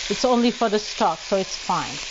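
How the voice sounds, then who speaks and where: A woman's voice: mid-range voice, expressive, normal speed, highs cut off, background noise. A woman hosting a casual cooking demonstration in her home kitchen, chatting through each step and slipping into French now and then. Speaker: cooking show host.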